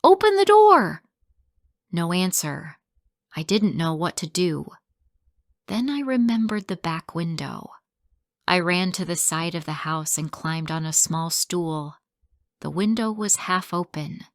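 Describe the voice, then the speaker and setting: A woman narrating a first-person story in slow, simple, clear sentences for English learners. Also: fairly low pitch, no echo, clean studio sound.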